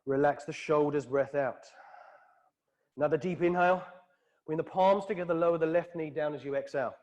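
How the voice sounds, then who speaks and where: A British man with a high voice leads a flowing yoga class. He calls out poses in time with the breath, calm and steady, in a studio. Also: brisk, highs cut off. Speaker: yoga instructor. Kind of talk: guided yoga class cues.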